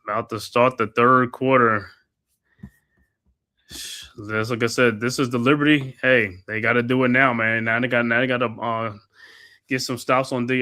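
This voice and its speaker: A man hosting a live basketball watch-along, calling the plays and breaking into casual, slangy outrage at the referees. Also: medium pitch. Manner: excitable, slangy, quick bursts of outrage at calls. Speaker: basketball watch-along host and play-by-play caller. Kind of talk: live play-by-play commentary mixed with casual chat.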